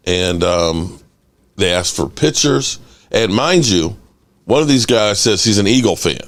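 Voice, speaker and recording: A man hosting a casual sports fan livestream. He reads chat aloud and rants with animated energy. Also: low-pitched, normal speed. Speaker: host of a sports fan channel.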